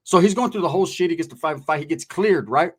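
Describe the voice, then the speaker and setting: A man's voice: fairly high pitch, fast talker, breathy edge. A man telling a long story in casual, profane street slang. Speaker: podcast storyteller.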